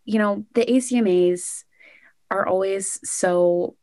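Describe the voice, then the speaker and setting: A young woman, a singer-songwriter, chatting excitedly in an interview with lots of "like" and "oh my gosh". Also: medium pitch, takes it slowly, no echo, clean studio sound. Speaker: country singer-songwriter guest. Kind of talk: casual interview answers.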